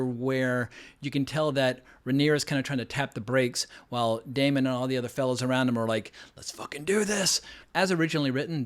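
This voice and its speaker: A man reviewing a TV episode in a relaxed, conversational way, opinionated and now and then profane. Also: medium pitch. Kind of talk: casual spoken TV episode review.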